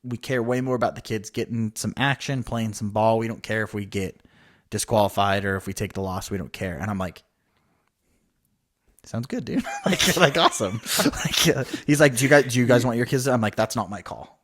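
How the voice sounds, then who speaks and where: Speaking fast in a fairly low voice, this podcast co-host, a man in his thirties, tells a story during casual conversation. He is an animated storyteller who voices the people he quotes.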